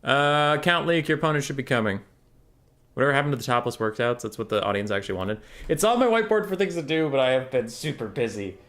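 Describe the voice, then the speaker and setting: Quick-paced and very animated, a young man with a medium-pitched, fairly bright voice runs casual livestream game commentary. He casts tournaments and streams, chatting freely and answering questions from chat out loud.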